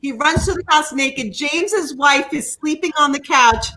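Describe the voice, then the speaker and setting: A woman's voice: high-pitched, pushed and bright, rough recording. A woman guest on a podcast, eagerly jumping in to tell a party story in casual chat. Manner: eager, quick interrupting storyteller. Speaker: podcast guest, firefighter's wife.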